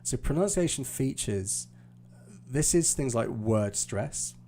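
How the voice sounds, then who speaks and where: Casting: British male English tutor, unhurried, low warm voice, on a live stream. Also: animated, a little hiss or hum. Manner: explaining patiently, hesitant fillers. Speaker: IELTS teacher.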